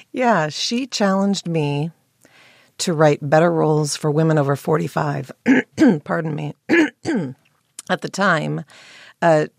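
Hoarse, slow-talking woman with a gravelly voice. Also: low-pitched, darkish tone, no room sound, clean studio sound. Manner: thoughtful, pausing and restarting. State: hoarse morning voice, clearing throat. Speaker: playwright. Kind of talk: interview guest.

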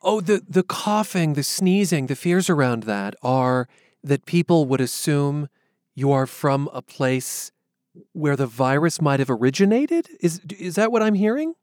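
A man interviewing a guest, asking careful, measured questions and checking what he has heard. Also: fairly high pitch, animated, a little mellow, no room sound, clean studio sound.

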